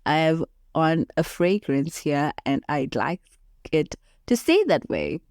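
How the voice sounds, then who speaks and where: A woman hosting a motivational podcast, speaking in an unhurried, reflective way and often laughing at her own stories. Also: low voice, big pitch swings, darkish tone, no room sound, studio quality. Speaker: podcast host.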